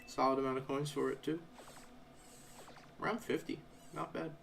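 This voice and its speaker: A young man casually commenting on a live game playthrough, shifting from quiet narration into animated, sarcastic rants. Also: medium pitch, moderate pace, gravelly, faint music behind. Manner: ranting, sarcastic, animated asides. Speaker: game streamer.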